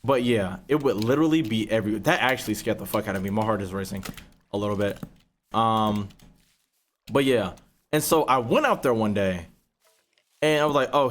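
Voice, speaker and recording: A young man, casually telling a profane, animated story while playing a game. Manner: profane, animated storytelling, rising pitch when retelling outrage. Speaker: gaming YouTuber. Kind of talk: casual storytelling over gameplay.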